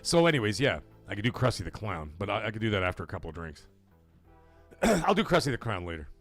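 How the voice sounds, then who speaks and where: A man's voice: lowish voice, big pitch swings, fast, a bit bright, faint music behind. A man hosting a live gaming podcast stream, ranting profanely and greeting his chat by name.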